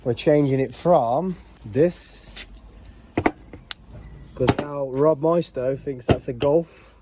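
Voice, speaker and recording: A man's voice: mid-range voice, takes it slowly, background noise. A man vlogging a car repair outdoors, chatting and explaining each step as he works. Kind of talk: casual hands-on vlog narration.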